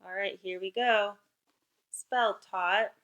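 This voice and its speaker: A woman teacher giving a remote spelling lesson to young children, upbeat and encouraging, with clear call-and-response prompts. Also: medium pitch, steady tone, takes it slowly, fairly bright tone.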